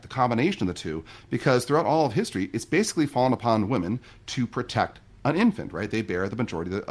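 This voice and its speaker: A middle-aged man, a guest on a podcast, telling stories and explaining ideas in a relaxed, conversational way. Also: medium pitch. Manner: fast, animated storytelling. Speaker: podcast guest, marriage coach.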